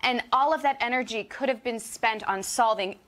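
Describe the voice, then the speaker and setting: A woman on a comedy panel show, delivering sardonic jokes in a deadpan, dry manner. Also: fairly high pitch, moderate pace. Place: TV studio with live audience. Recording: loud studio audience.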